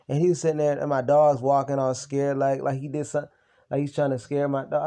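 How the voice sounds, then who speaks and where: A young man with a mellow, dark-toned voice talks straight to camera in an unscripted vlog. He tells his story heatedly, full of blunt slang and swearing, without stopping. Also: mid-range voice, level tone, quick pace. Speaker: vlogger on recovery from narcissistic abuse. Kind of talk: unscripted personal venting to camera.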